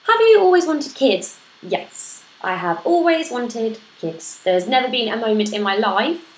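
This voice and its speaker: A woman vlogger answers a parenting tag, chatting casually to camera about motherhood and often laughing at herself. Her voice sits on the high side with a sing-song lilt and a measured pace. The room is echoey, with faint background noise.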